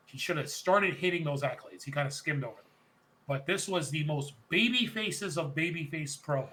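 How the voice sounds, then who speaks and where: A man co-hosting a podcast, recapping in casual chat with animated retellings, quick quoted bits and frequent laughter. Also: on the high side, a little hiss or hum, low-quality recording. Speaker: podcast co-host.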